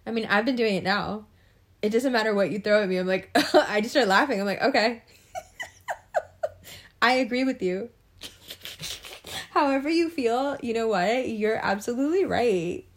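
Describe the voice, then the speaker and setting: Laughing a lot, this young woman chats to camera in a casual monologue, playing out people's reactions with a drawn-out delivery. Her voice is animated and on the high side, with a little hiss or hum in the recording.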